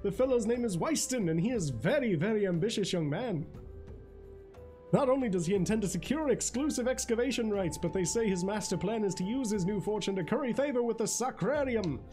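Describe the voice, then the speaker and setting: A man's voice: high-pitched, expressive, fairly quick, warm tone, faint music behind, pitched above the performer's own voice. A man reading aloud the lines of a genteel, well-spoken male informant in a game, in a florid, formal way. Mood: courtly.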